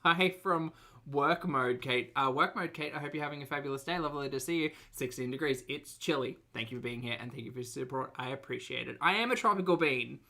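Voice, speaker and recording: A man's voice: mid-range voice, a little fast, gravelly, bright, forceful tone. A man hosting a casual live stream, chatty and upbeat, greeting viewers by name and laughing often. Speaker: livestream reaction host. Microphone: headphones on, streaming setup.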